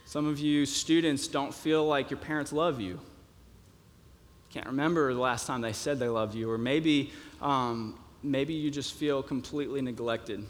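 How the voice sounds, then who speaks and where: A man's voice: medium pitch, unhurried. A young man preaching a sermon in a conversational way, with many fillers and restarts. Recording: long reverb of a hall.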